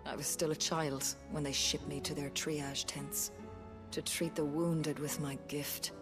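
A weary army physician from a video game, grave and earnest in the way she talks. Her voice sits low. Clear game music plays underneath. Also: flat delivery, unhurried. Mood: somber. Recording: game audio with music behind.

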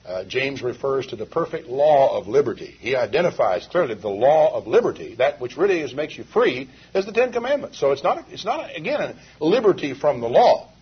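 Male preacher, husky voice with a rising and falling pitch, emphatic sermon, old muffled tape. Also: big pitch swings, a little fast, few pauses. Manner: emphatic, asks rhetorical questions. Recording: dull lo-fi 1980s sermon tape.

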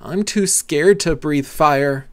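A man voicing a timid, sweet pink female dragon in a storybook read-aloud, squeaky and jumpy in pitch. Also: slow pace, clear, resonant tone, dry recording. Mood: apologetic.

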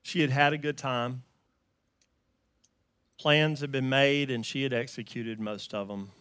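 A man with a Southern US accent preaching a sermon, telling a story and swinging from loud emphatic lines to quiet hushed ones. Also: medium pitch, steady tone, a little slow, clean tone, dry recording. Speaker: pastor.

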